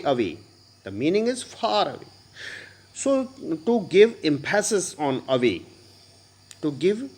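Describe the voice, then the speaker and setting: Male English teacher, Indian English accent, slightly high voice, halting explanatory classroom delivery. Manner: explains slowly with many pauses and fillers. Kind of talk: classroom poetry lesson.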